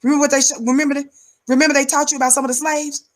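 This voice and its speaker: A woman's voice: flat delivery, racing. A woman giving fiery preaching-style commentary, emphatic and rhythmic, repeating words for effect. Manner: calls herself high-energy.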